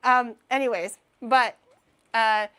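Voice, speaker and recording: A young woman streamer from Canada talks casually in a slightly high voice. She rambles, breaks off mid-word to restart, and laughs at herself as she goes. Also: slow, sharp tone, clear, resonant tone. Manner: rambling, with many restarts and fillers; giggly, self-deprecating. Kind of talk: casual chat.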